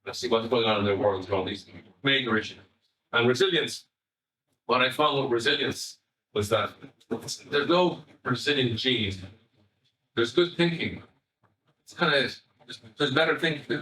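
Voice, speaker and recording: A middle-aged Irish man, a family psychotherapist, giving an animated, conversational public talk and swearing casually. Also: medium pitch, reverberant, distant mic, rough recording. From Ireland.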